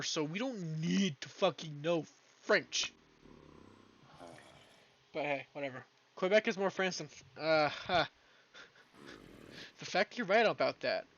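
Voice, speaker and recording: Male streamer, casual, swears a lot, drifts off mid-sentence, higher voice, muffled cheap-mic sound. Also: sharp tone. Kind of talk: casual rant while gaming.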